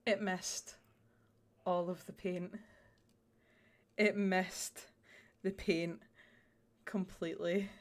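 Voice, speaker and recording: A woman's voice: on the low side, little pitch movement, extremely slow, pauses often. A young woman chatting casually with her viewers while she paints miniatures, swearing freely and talking straight to them. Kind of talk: casual livestream chat.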